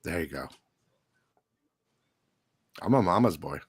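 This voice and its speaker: A man's voice: low voice, lively intonation, takes it slowly, husky, dry recording. A man hosting a live comic book show, telling a story casually with profanity, frequent laughs and lots of "dude".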